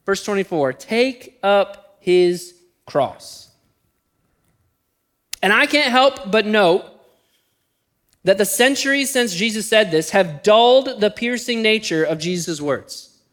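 A middle-aged man, a pastor, preaching a sermon and telling a personal story, speeding up in bursts and slowing down for emphasis. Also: high voice, expressive, fairly bright tone. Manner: storytelling, shifting between quick bursts and slow emphatic phrases.

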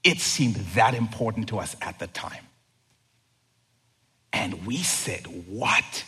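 A man preaching a sermon as pastor, animated, acting out quoted lines and swinging from loud to hushed. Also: fairly low pitch, slow pace, husky. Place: church sanctuary. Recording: long reverb of a large hall.

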